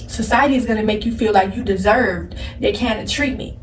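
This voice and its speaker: With a mid-range voice that runs a little fast, a tearful woman preaches blunt, repetitive spiritual advice directly to her viewers. The emotional clip is roomy and distant from the mic, with a little hiss or hum.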